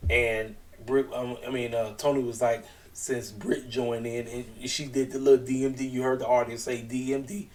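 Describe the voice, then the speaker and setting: A man's voice: medium pitch, flat delivery, moderate pace, hardly any pauses, a little mellow, far from the mic. A man giving a casual, slangy wrestling show recap, chatty and acting out what people said. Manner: chatty, slangy, retells scenes in quoted voices.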